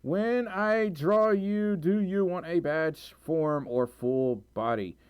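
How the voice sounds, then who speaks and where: A man's voice: a little high, takes it slowly, clean tone, no room sound, highs cut off. A young man livestreaming, reading out donations and chat messages in a rambling way with lots of fillers, tired and sore-throated with a recurring cough. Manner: rambling, many fillers, stumbles over reading.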